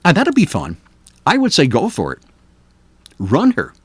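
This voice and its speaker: A man's voice: a little high, wildly swooping pitch, a little slow, breathy edge, no echo. An older man hosting a local morning radio show, talking in a casual, opinionated way with many ums and uhs. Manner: chatty, opinionated, hesitant with many fillers. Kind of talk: casual talk radio commentary. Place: radio studio.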